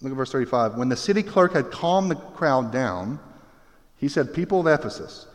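A man delivering a sermon at a middle pitch, in an animated style full of jokey asides and acted-out voices. He speaks in a church sanctuary, and his voice carries a long reverb from the hall. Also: normal speed. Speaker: pastor.

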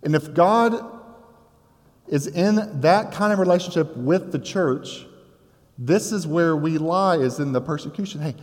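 A man preaching a sermon in a conversational, animated way, with casual asides to his listeners. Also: on the high side, a little slow, big-room sound. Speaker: pastor.

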